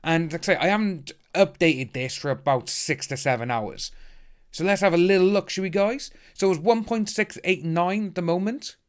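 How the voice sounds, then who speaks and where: A chatty man runs a casual livestream, upbeat and loose as he reads out viewer comments. His voice sits a little higher than most men's. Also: moderate pace, smooth. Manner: chatty, upbeat, thanks donors by name. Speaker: livestream host reading chat. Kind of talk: casual live stream chat.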